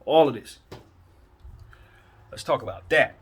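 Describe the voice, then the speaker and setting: A man hosting his own basketball talk, ranting in a fired-up, preachy way and firing off rhetorical questions. His voice sits at an ordinary middle pitch, with a faint hiss of noise behind him. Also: unhurried, a bit bright. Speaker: basketball commentary host. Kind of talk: casual opinion monologue.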